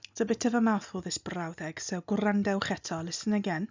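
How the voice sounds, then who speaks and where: A woman teaching a language lesson, patiently explaining and modeling phrases slowly and clearly. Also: mid-range voice, a little mellow, lo-fi sound. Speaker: Welsh teacher.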